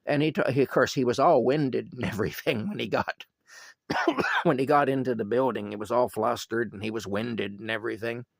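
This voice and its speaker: A man's voice: medium pitch, moderate pace, creaky, no echo. A man telling a rambling story casually, with chuckles and asides.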